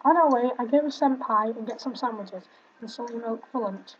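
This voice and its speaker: Talking a little fast in a slightly high voice, a young woman does casual let's-play commentary, reading the game's text aloud, giggling, and tossing in fond remarks. Faint music plays behind her slightly muffled home stream audio.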